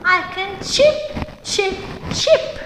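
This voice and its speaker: A chirpy little storybook bird with a high, bouncing voice that swoops up and down, as a woman puts it on. It sounds from an echoey room with loud noise behind. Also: expressive, extremely slow, heavily acted. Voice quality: high, sing-song.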